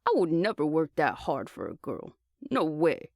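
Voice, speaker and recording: A man's voice: on the high side, huge pitch swings, normal speed, no echo, clean studio sound, heavily acted. A man doing Tripton, a cocky teasing young man. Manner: teasing, blunt.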